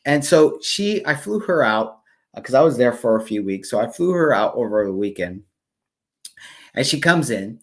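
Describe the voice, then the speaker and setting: Man co-host telling a story slow and halting, lots of ums, mid voice. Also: mid-range voice, sing-song. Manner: hesitant, many fillers and restarts. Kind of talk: casual storytelling.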